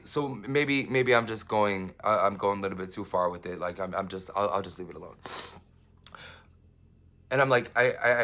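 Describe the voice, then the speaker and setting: A man giving a rambling personal monologue, halting with many restarts and fillers, swinging between emphatic outbursts and hushed asides. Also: fairly low pitch.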